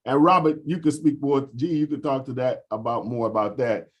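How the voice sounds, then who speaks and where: A man's voice: medium pitch, fairly even intonation, normal speed, dull audio. A man from the US Virgin Islands, talking over a video call in a casual group discussion and explaining at length with frequent fillers.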